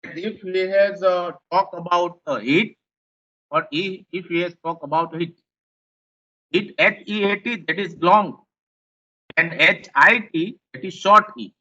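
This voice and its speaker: A male lecturer with an Indian English accent explains his points, often saying them twice. His voice sits high and sounds very bright and sharp. The recording is dull and lo-fi. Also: measured pace. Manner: repetitive, explanatory, rephrases points. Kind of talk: classroom lecture.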